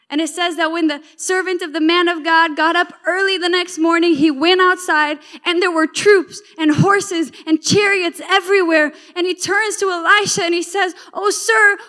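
A woman's voice: high voice, sharp tone. A woman preaching a sermon, retelling a story with emphatic repetition and asides to the listeners.

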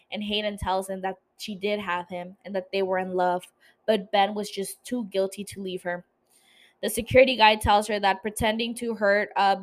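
A young woman hosting a podcast, recapping a TV episode in casual chat, swearing a lot and laughing at her own jokes. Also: medium pitch. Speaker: podcast host.

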